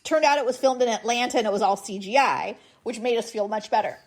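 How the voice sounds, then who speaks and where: A woman in her thirties telling stories in a casual podcast chat, animated and laughing often. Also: fairly high pitch, fast. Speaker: podcast guest.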